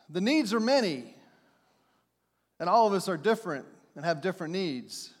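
A male pastor with a high-pitched voice delivers a lively, story-driven sermon. His voice rings out with a long reverb tail, as if in a large church sanctuary. He speaks straight to the congregation. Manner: storytelling, animated, acts out shouts and quotes.

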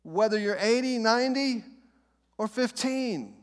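High-voiced man preaching in a reverberant hall. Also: expressive. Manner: preaching with dramatic pauses and repeated reassurances. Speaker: pastor. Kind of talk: sermon.

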